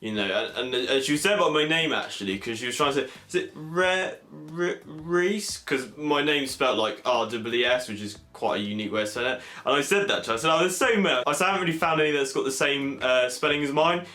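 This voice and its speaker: Young man, from England, chatty vlog recap, bright voice, echoey room. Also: medium pitch, quick pace, hardly any pauses. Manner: chatty and excitable, many fillers, quotes others in an animated voice. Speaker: vlogger. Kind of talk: casual convention recap vlog.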